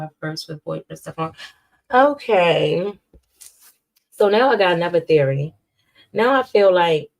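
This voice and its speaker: Woman host, low-pitched, sassy and animated gossip commentary. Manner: sassy and animated, reacting loudly.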